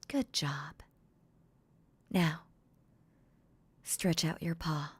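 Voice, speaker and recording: A woman voicing a cold, controlling female boss in a whispered role-play, speaking in a soft, low whisper. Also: steady tone, very slow, slightly rough, dry recording, full character voice. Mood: commanding. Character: cold commanding female boss toying with her pet. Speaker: voice actor.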